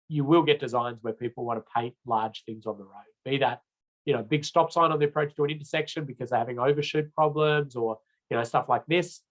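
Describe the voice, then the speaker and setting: A man's voice: medium pitch, poor audio. A man with an Australian accent giving a recorded road safety training lecture in a casual, chatty way, with many fillers and restarts.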